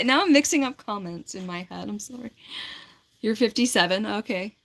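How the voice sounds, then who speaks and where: A woman's voice: mid-range voice, normal speed. A woman in her forties on a casual livestream, reading and answering viewer comments in a rambling, giggly way with lots of filler words. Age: 40s.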